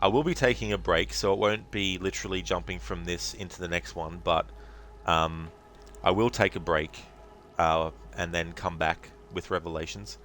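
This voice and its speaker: A man's voice: low voice, steady tone, normal speed, fairly bright tone, a little hiss or hum. A man streaming a game live, chatting casually and rambling with plenty of fillers while thanking his viewers.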